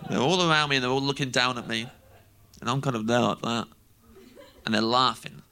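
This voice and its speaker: Briskly and in a mid-range voice, a young English stand-up comedian with an English accent tells a long story at his own expense. He's animated, mocking himself and laughing through his lines.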